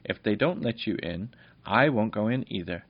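A man's voice: lowish voice, lively intonation, normal speed, husky. A man voicing an eager little fairy princess girl in a firm, earnest storybook reading, on a dull lo-fi recording.

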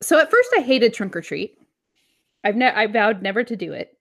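A woman's voice: fairly high pitch, big pitch swings, moderate pace, vocal fry, a bit bright. A woman in her thirties co-hosting a podcast, chatting casually and swearing now and then. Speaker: podcast co-host. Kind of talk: casual chat.

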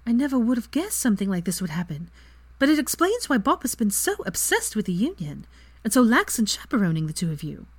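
A woman's voice: a little high, sing-song, brisk, husky, no echo, pitched above the performer's own voice. A woman reading aloud and voicing a bold, frank young witch. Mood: brazen.

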